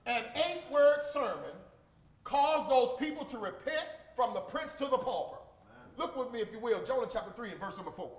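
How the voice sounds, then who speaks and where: A man preaching a sermon, emphatic and repetitive, swinging from shouted lines to quiet murmurs. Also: very high voice, animated, moderate pace.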